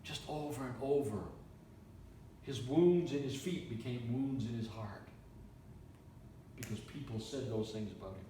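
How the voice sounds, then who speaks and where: A man from Canada, a preacher telling a story in a sermon with animated, repetitive delivery. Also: medium pitch, a little slow, long pauses, a little hiss or hum. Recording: echoey room, mic from far off.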